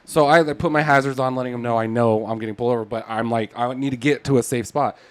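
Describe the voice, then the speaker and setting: Fast-talking man telling stories. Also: medium pitch. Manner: animated storyteller who acts out quotes, swears freely. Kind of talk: casual podcast chat.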